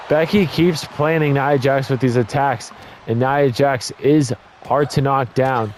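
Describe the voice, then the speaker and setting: Young male gaming commentator, worn voice, eager play-by-play, faint hiss under it. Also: medium pitch. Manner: excitable, blurts exclamations, stumbles and corrects himself. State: voice getting worn from talking. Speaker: gaming YouTuber commentating a wrestling game.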